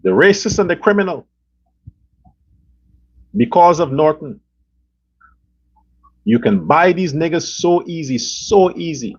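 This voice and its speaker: A man's voice: fairly high pitch, very animated, a little slow, pauses often, breathy edge, highs cut off. A man hosting a political commentary show, ranting in a heated, profane and repetitive way. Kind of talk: angry political rant.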